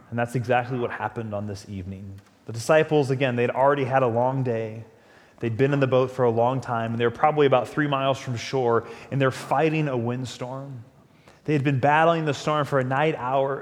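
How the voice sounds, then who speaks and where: A male pastor preaching a sermon, telling the story with animated, acted-out quotes. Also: mid-range voice, long reverb tail.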